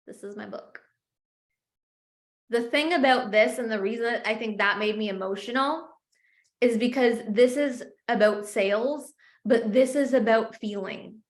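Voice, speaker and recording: A woman with a somewhat high voice leads a sales masterclass, driving her points home with passionate, repeated phrases. Her voice rings out in an echoey room. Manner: passionate, emphatic, repetitive phrasing. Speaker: sales coach. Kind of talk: live masterclass teaching.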